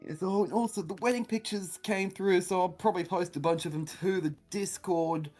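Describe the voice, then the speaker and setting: A man's voice: high-pitched, fairly even intonation, normal speed, darkish tone, faint music behind. A man with an Australian accent chatting casually as a guest on a stream call, laughing often. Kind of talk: casual chat.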